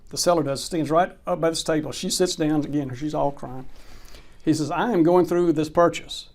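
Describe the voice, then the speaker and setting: Brief: male closing attorney, animated interview storyteller who voices each character. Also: fairly high pitch, moderate pace. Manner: animated anecdote teller, acts out quoted dialogue. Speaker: real estate closing attorney.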